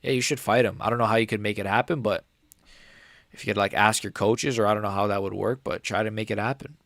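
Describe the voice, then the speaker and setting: A young man hosting a live fight reaction stream, rambling casually with lots of "like" and "bro" while his voice sometimes cracks high. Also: fairly even intonation, fast, fairly bright tone, no echo, clean studio sound. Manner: rambling, filler-heavy, says "like" and "bro" often. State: voice cracking upward at times.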